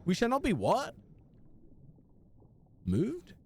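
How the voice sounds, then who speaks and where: High, lively young streamer man. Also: takes it slowly, husky. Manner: animated, chatty, replies to chat with slang. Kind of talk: casual live gaming stream.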